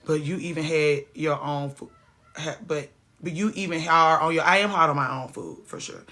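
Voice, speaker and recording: Bright-voiced woman ranting. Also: deep voice, normal speed. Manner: emphatic, profane ranting. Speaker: podcast host. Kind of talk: casual chat.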